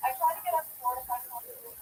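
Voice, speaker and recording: A woman, a stand-up comedian, giving quick casual answers about her comedy. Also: sits high, big pitch swings, darkish tone. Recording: distant mic, noisy room.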